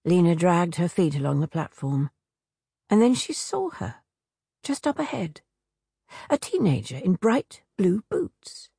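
A woman narrating a children's storybook with expressive reading and many character voices. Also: lowish voice, a little slow, gravelly, slightly rough, no echo, clean studio sound.

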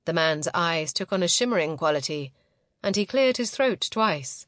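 A woman reading a novel aloud as narrator, in a measured, close and intimate way. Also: sits low, a bit bright, dry recording. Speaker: audiobook narrator. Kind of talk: scripted narration.

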